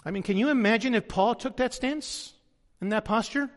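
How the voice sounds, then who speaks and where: A man's voice: extremely high pitch, moderate pace, long reverb tail. A man preaching a sermon as pastor, earnest, sometimes voicing the people he quotes.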